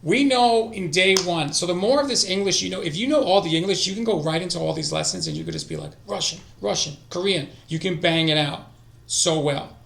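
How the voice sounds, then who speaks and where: A man streaming a casual study session, talking to himself and drifting into quiet mutters. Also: high voice, expressive, brisk, vocal fry, a little hiss or hum. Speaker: streamer learning languages. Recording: echoey room.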